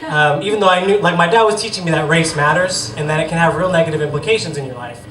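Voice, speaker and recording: Man from the Boston area, live storytelling, wry, fairly high voice, echoey bar room, distant mic. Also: quick pace, fairly bright tone, a little hiss or hum. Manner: self-deprecating, wry, conversational. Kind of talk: live personal storytelling, humorous. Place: bar stage with a live audience.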